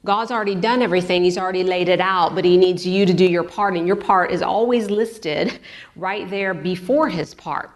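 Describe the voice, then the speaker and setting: A woman's voice: on the low side, moderate pace. A woman pastor preaching a sermon in a chatty way, repeating words for emphasis. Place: church.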